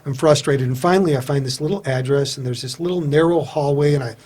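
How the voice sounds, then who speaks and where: A man being interviewed as a guest on a radio show, telling a personal story in a rambling, animated way with frequent restarts. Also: mid-range voice, fast, breathy edge. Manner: animated, acts out dialogue while recounting events. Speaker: guest, founder of a motivational group.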